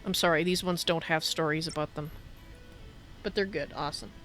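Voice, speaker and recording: A woman's voice: low voice, steady tone, a little fast, a bit bright, faint music behind. Chatty woman streaming a game. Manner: chatty, apologetic, reads chat aloud. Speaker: livestreamer. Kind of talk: casual gameplay commentary.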